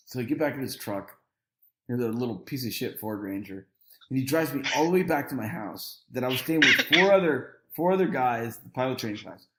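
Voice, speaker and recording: A man's voice: medium pitch, lively intonation, a little fast, a bit bright, echoey room, a little hiss or hum. A man telling a long story as a podcast guest, acting out the quoted lines and laughing often. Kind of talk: casual storytelling.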